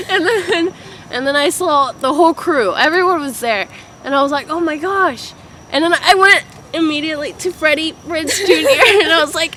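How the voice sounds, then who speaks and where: A woman with a high, bright voice chats casually as a podcast co-host, her stories tumbling out in an excitable, giggly rush. Faint traffic hums in the background of this outdoor recording. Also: normal speed. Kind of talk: casual chat.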